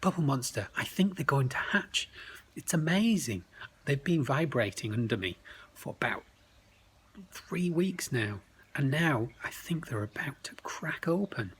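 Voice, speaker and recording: A man voicing a shrill, excitable female creature in a bedtime story, breathless and squealing. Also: measured pace, husky, full character voice. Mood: excited.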